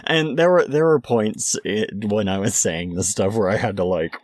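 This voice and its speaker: Young male co-host, very low dry voice, rambling casual storyteller. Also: normal speed, no echo. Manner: rambling, lots of restarts and quoted asides. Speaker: podcast co-host.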